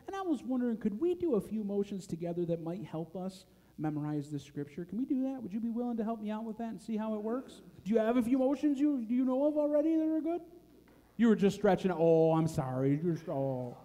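High, mellow-voiced man leading kids in church. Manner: animated, coaxing, slows to a chant for the verse. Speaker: children's message leader. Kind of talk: children's church lesson. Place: church sanctuary. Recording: long church hall reverb.

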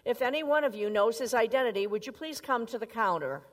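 Woman voicing a polite patient counter lady, calm, long echoey reverb. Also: on the high side, quick pace. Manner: courteous, calm. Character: polite patient female airport counter clerk.

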